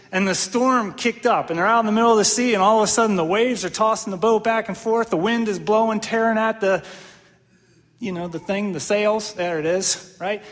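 A man preaching a sermon, animated and questioning, often checking in with the congregation with "right?". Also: high voice, in a large hall. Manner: animated, asks the audience questions, frequent "right?". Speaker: pastor.

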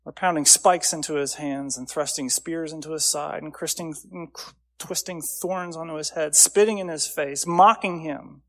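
A man preaching a sermon, earnest, building up loudly on key phrases and then dropping low and quiet. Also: fairly even intonation, moderate pace. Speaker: pastor.

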